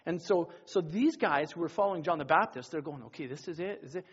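Guy youth pastor preaching, kinda high husky voice, rambles n restarts, dull lo-fi sound. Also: fast. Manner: rambling and conversational, with many restarts and acted-out quotes. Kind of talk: casual sermon.

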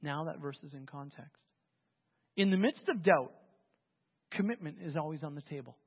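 Husky-voiced pastor telling a bible story, chatty sermon, sounds like a phone line in a big reverby hall. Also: medium pitch, normal speed. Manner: conversational, animated storytelling with restarts.

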